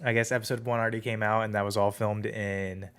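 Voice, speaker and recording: Young man, podcast host, smooth clear voice, casual rambling chat. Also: lowish voice, little pitch movement, fast talker, a bit bright. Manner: rambling storytelling with many fillers.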